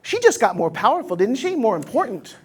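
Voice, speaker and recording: Animated, blunt American woman speaker. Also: on the high side, fairly quick, slightly rough. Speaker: motivational speaker teaching pitching. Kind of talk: live seminar talk to an audience.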